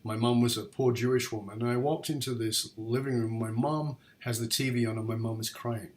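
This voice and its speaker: A middle-aged man from northern England hosting a podcast interview, telling stories in an earnest, animated way. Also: medium pitch, a little fast. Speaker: podcast host. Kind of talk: interview chat.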